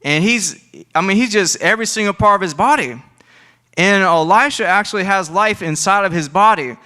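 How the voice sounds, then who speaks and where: A man's voice: sits high, moderate pace, sharp tone. A young man giving a casual, conversational sermon, full of asides and restarts. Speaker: preacher.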